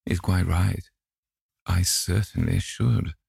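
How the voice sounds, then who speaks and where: A man's voice: deep voice, fairly even intonation, slow, creaky, a little mellow, breathy edge, dry recording, studio quality, exaggerated voice. A man voicing a chatty, scolding elderly society hostess in an audiobook reading, with exclaiming, indignant lines.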